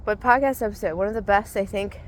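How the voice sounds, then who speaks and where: A woman and vlogger giving a relaxed, rambling spoken gratitude list while out walking in the cold. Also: mid-range voice, fast, a little hiss or hum, rough recording. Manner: relaxed, rambling, thinking aloud. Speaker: vlogger and mindset coach. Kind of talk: casual spoken gratitude journal. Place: outdoors on a cold walk.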